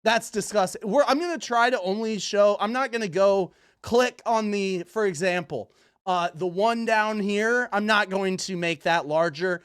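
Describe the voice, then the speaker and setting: A man's voice: high-pitched, measured pace, fairly bright tone, clean tone. A man hosting a livestream, giving profane, incredulous commentary as he reacts to online posts. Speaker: livestream host.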